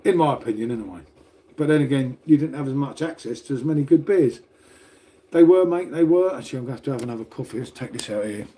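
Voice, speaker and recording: Rambling older English man, mellow voice. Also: mid-range voice, fast talker. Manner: rambling and swears freely, calls everyone mate. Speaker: livestreamer. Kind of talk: casual livestream chat with viewers. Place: at home, making coffee.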